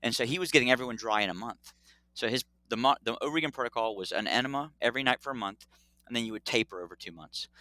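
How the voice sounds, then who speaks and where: A middle-aged man, a doctor, telling a story in a casual interview, animated and acting out dialogue. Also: mid-range voice, quick pace, no room sound. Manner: animated, acts out dialogue, laughs often. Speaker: pediatric urologist guest.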